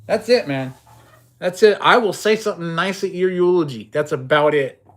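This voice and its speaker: A middle-aged man hosting a casual livestream, his voice sitting a bit high for a man. He talks tough and boastful, swears freely, and rambles through stammered restarts and short chuckles. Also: moderate pace, fairly bright tone. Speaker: livestream host.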